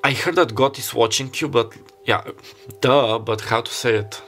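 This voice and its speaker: A man's voice: mid-range voice, moderate pace, a bit bright, faint music behind. A man giving a pick-a-card tarot reading, rambling and earnest, often stopping to restart and leaning on "like" as he talks. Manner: rambling, stops and restarts, heavy use of "like"; earnest and openly emotional.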